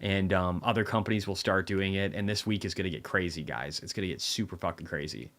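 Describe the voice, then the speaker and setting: A man's voice: low voice, quick pace, a bit bright. A tired man casually rambling through a market recap livestream, swearing often. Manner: profane, rambling, offhand.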